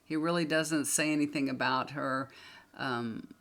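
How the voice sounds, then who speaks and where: A woman's voice: extremely low pitch, steady tone, unhurried, gravelly, a bit bright. A woman tarot reader talking casually to a camera, chatty and emphatic, repeating points for stress.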